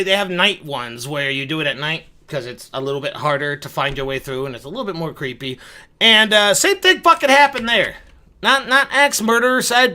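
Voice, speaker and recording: A young man with a high, bright voice tells a story in a loose, rambling way. He swears freely and pokes fun at himself as he goes. It sounds like a casual monologue to his viewers. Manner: rambling, profane, self-mocking. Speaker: video creator.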